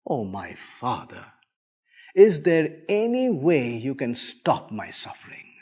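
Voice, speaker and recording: A man's voice: medium pitch, wildly swooping pitch, takes it slowly, a little mellow, breathy edge, exaggerated voice. A man preacher voicing an anguished man praying in despair, pleading and faltering, in a sermon.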